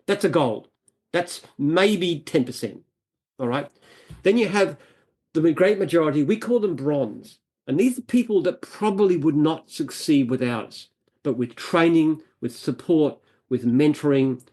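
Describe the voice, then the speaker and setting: A man's voice: on the high side, a little mellow. Earnest Australian man explaining. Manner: earnest, emphatic, repeats himself when explaining. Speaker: franchise founder, guest. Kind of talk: interview answers.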